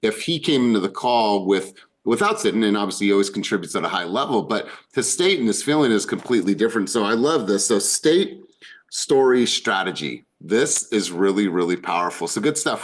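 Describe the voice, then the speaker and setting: A man's voice: lowish voice, lively intonation, a little fast. A man hosting a group coaching call over video, talking with enthusiasm and repeating words for emphasis.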